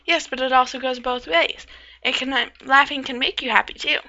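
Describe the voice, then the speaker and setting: A relentlessly cheerful girl who keeps urging her friend on, acted by a woman. The voice is high, bright and bubbly, and a slight rasp comes through the dull, lo-fi recording. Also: steady tone, moderate pace. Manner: bubbly, eager, talks about herself in third person. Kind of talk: amateur visual novel voice reading.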